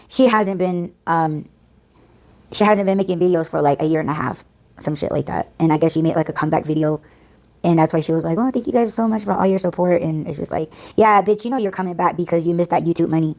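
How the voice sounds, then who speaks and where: A woman's voice: lowish voice, darkish tone. A woman hosting a casual podcast, ranting in a blunt, profane, exasperated way. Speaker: podcast host.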